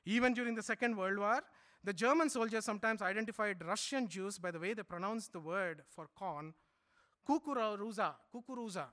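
A middle-aged man from India, preaching a sermon and swinging from loud emphatic lines to low quiet asides. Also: brisk.

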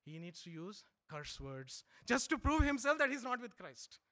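Guy giving a sermon, bright ringing voice, gets loud then drops real quiet. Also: big pitch swings, moderate pace. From India. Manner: swings from loud emphatic lines to low quiet asides. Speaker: preacher.

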